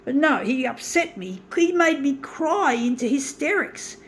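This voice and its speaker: A woman's voice: high-pitched, lively intonation, measured pace, a little hiss or hum. A woman talking to her viewers in a casual monologue, blunt and profane, bitter and aggrieved, rambling with many restarts.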